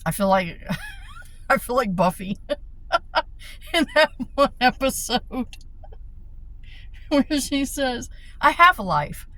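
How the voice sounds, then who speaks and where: A woman's voice: sits high, lively intonation, very slow, pauses often, poor audio. A tired middle-aged woman venting in a rambling, profane monologue from inside a car, recorded on a phone. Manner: rambling, profane, laughs between thoughts. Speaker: vlogger.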